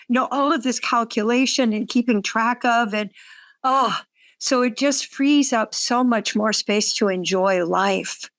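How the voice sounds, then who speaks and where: A woman hosting a reflective conversation, speaking thoughtfully and giving soft affirmations. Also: on the high side, a little slow, dry recording.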